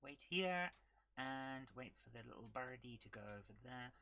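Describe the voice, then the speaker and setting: A woman's voice: rumbling low, animated, normal speed, gravelly, sharp tone, a little hiss or hum. A woman streaming a retro game live, chatting and thinking aloud as she plays and humming along to the game. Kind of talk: live gameplay commentary.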